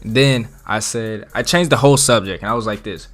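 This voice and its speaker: A man telling a wild story in a casual storytime vlog, slangy and profane, swinging from loud bursts to mutters. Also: on the low side, a little fast, faint music behind.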